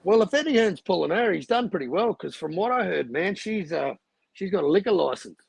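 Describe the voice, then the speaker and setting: Husky, gravelly man chatting on a podcast. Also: high voice, animated, fairly quick, no echo. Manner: amused, chuckling listener. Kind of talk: casual podcast chat.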